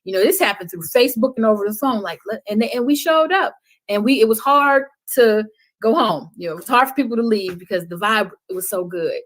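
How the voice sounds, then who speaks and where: A woman speaking as a podcast guest, impassioned, with a preaching cadence that swings between loud and hushed. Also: a little high, expressive, brisk, poor audio. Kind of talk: passionate podcast talk.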